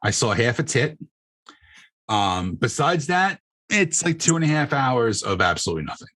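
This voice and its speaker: A man's voice: medium pitch, sing-song, moderate pace, a bit bright, dry recording. Sarcastic, swearing comedian man. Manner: profane, sarcastic ranting. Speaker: comedian co-host. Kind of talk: casual podcast chat.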